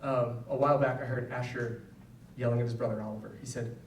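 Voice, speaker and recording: A male psychologist talks fast, with fairly even intonation and a medium pitch, during a public lecture for parents in a school event hall. He shares personal stories conversationally and checks in often with "right?". The recording sounds roomy and distant, with faint ambience and a little hiss or hum.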